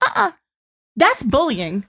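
A woman's voice: sits high, wildly swooping pitch, takes it slowly, vocal fry, a bit bright, no echo, studio quality. A woman co-host in casual chat, reacting emphatically and indignantly, swearing freely.

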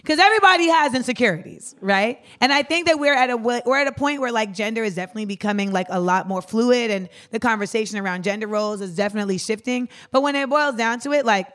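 A woman's voice: fairly high pitch, fast talker, hardly any pauses, fairly bright tone. A woman hosting a live podcast in front of an audience, talking casually and frankly with slang and swearing, laughing often. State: losing her voice. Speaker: podcast host. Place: live show venue with audience.

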